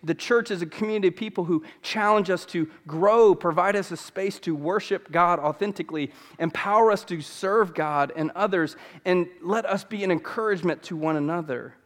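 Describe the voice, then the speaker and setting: A man's voice: sits high, normal speed, few pauses, long reverb tail. A pastor in his thirties preaching a sermon in a church, earnest and fond of repeating key phrases for emphasis. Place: church sanctuary.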